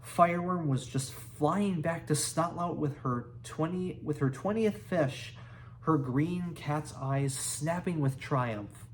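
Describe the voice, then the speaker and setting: A man's voice: a little high, takes it slowly, a little hiss or hum. A man reading a children's book aloud, laughing now and then and restarting words. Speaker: reader.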